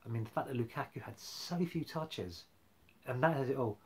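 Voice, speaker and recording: A man's voice: medium pitch, moderate pace, darkish tone, slightly rough. A man rambling casually about football on a live stream, full of fillers and restarts. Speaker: football fan vlogger.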